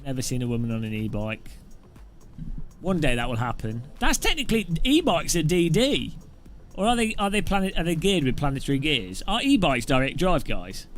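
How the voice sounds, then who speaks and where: Casual British male streamer; jokey, rambling chat to viewers, slightly high voice. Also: big pitch swings, normal speed, soft background music. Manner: joking, rambling, reacts to chat. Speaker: sim racing streamer.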